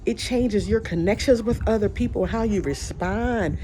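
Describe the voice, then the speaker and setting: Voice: medium pitch, normal speed. A podcast host giving a casual, heartfelt encouraging monologue, rambling and repeating phrases, saying y'all. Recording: steady background noise.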